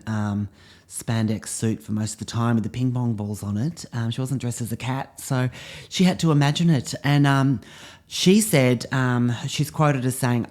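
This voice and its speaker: A man playing a drama teacher who hosts his own show, talking in a self-important, rambling way full of ums and asides. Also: mid-range voice. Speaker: drama teacher character hosting a comedy podcast. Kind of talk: scripted comedy monologue in character.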